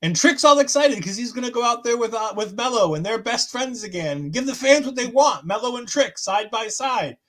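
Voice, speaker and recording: High-voiced man retelling on a podcast. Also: moderate pace, few pauses. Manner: animated storytelling, acts out quotes. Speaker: podcast co-host. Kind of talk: casual wrestling recap chat.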